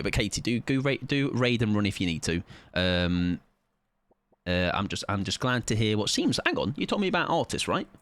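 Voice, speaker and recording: A man's voice: medium pitch, fairly bright tone. A man streaming a game, reading out chat and rambling casually with swearing and laughs. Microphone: desk mic at his PC.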